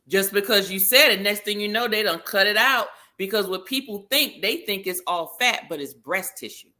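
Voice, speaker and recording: A woman co-hosting a casual live talk show, animated and emphatic, who repeats phrases for effect and laughs often. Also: mid-range voice, moderate pace. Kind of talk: casual livestream chat.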